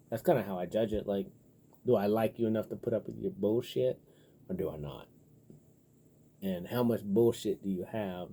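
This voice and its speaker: A man with a very dark, mellow and husky voice rambles through a casual vlog monologue. He swears freely and leans on filler words, getting animated when riled up. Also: on the low side. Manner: profane, loose and rambling, heavy on filler words. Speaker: vlogger.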